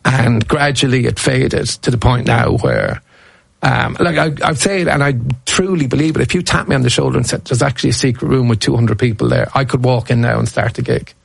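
A man's voice: mid-range voice, animated, fairly quick, gravelly, slightly rough, dry recording. A comedian in his fifties telling rambling anecdotes in a casual interview, restarting his sentences as he goes. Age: 50s. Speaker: stand-up comedian guest.

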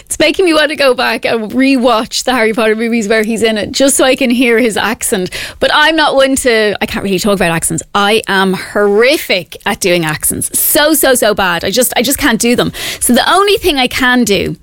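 A woman's voice: on the high side, animated, a little fast, few pauses, a bit bright, dry recording. A woman hosting morning radio, chatty and giggly, poking fun at herself. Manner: chatty, giggly, self-mocking. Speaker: radio host. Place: radio studio.

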